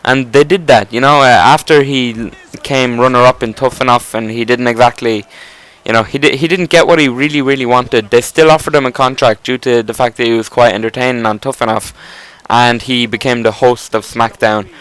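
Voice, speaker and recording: A man talks over gameplay in a loose, rambling way, full of restarts, fillers and the odd curse. His voice is smooth and clear and sits at an ordinary middle pitch. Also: steady tone, brisk, fairly bright tone, low-quality recording. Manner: enthusiastic, rambling, casual swearing. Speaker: gameplay commentator. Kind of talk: casual rambling commentary.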